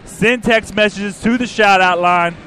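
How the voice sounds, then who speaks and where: A man's voice: high-pitched, pushed and bright, clean tone, soft background music. A man co-hosting a fan sports podcast, running the pregame show with upbeat, announcer-like banter. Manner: upbeat, announcer-like, reads numbers out slowly.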